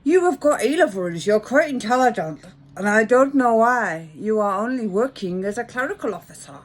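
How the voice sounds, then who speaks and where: A woman voicing a pushy young London man with a put-on London accent, loud and insistent. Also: fairly high pitch, lively intonation, normal speed, voice pushed up.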